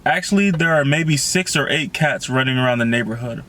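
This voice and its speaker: A man reading the lines of a gentle boy trapped in a hawk's body, in a low, subdued way. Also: brisk, lightly acted.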